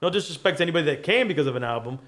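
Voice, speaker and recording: A man's voice: on the high side, animated, very fast, fairly bright tone. Laid-back cursing DJ guest man. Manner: laid-back, swears freely. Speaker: guest DJ and podcast co-founder. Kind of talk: casual interview.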